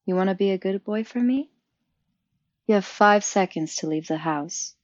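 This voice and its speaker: A woman putting on a commanding dominant voice, giving low, slow, stern orders in a playful role-play attempt. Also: dry recording, highs cut off, lightly acted.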